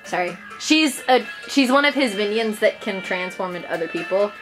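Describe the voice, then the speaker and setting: A young woman giving casual gaming commentary, excitable and quick to swear. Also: medium pitch, over music, poor audio. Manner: excitable, swears, laughs at herself. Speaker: vlogger playing a game.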